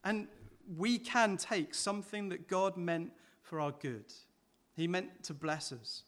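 A man's voice: high voice, slow, fairly bright tone. A man preaching a sermon in a conversational way, often putting rhetorical questions to the congregation.

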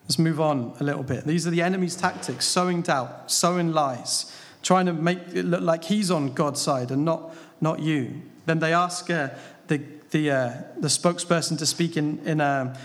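This preacher's voice is a little high and his speed is normal. He delivers a sermon on a Bible passage in a conversational way, throwing rhetorical questions at the congregation, with a large hall's long reverb around him.

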